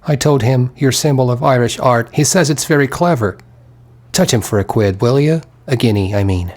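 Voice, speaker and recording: A man reading an audiobook who voices a boisterous, mocking young man, loud and teasing. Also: medium pitch, moderate pace, natural voice. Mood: jovial, teasing.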